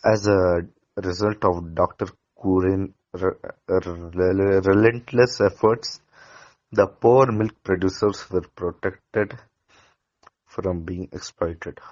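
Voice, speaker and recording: Slow, deep-voiced student reader. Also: male voice, steady tone, a little mellow, highs cut off. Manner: halting reader with small slips and restarts. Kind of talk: reading a textbook lesson aloud.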